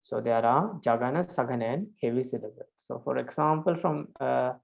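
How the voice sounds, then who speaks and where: Monk guy teaching a class, patient, lots of uhs, counting syllables out loud. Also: medium pitch, normal speed, gravelly. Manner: patient, counts syllables aloud, frequent hesitations. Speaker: Buddhist monk teaching Pali prosody. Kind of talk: online class lecture.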